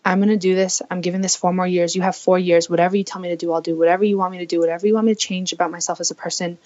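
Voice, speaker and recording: A woman's voice: lowish voice, little pitch movement, rapid-fire, a little mellow, dull audio. A woman in her twenties from the United States, telling her own story earnestly as a podcast guest and voicing her past thoughts aloud. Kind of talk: candid personal storytelling.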